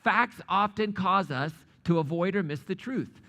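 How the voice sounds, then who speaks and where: A man's voice: high voice, animated, unhurried, bright, forceful tone. A man preaching a casual, joking sermon to a live church audience, asking questions and telling stories. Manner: conversational, jokey, asks the crowd questions. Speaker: pastor.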